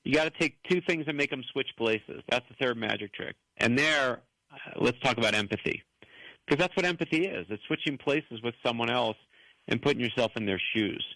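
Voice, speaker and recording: American guy in his 50s, author on a talk show, acts out quotes, bright voice. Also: mid-range voice, a little fast, no echo, poor audio. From United States. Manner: animated storyteller who acts out quoted voices. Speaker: author guest. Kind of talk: storytelling interview answers.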